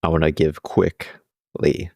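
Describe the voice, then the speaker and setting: A man's voice: a bass voice, level tone, takes it slowly, gravelly, warm tone, no echo, studio quality. A young man co-hosting a podcast in casual chat, laughing often as he retells scenes. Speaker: podcast co-host.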